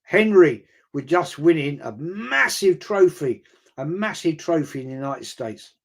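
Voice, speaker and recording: A middle-aged man chatting through a live football watch-along stream, rambling and excitable and swearing freely. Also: a little high, measured pace, creaky.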